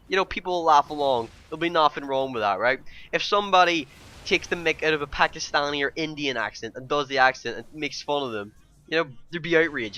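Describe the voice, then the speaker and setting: A young man ranting to his viewers in a vlog, exasperated and breaking into loud outbursts. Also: medium pitch. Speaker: YouTuber.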